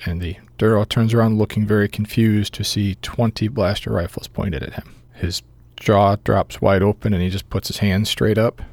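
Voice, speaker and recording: Gravelly low-voiced male game master. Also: steady tone, darkish tone, no room sound. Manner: measured narration with filler pauses. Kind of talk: narrating a tabletop game.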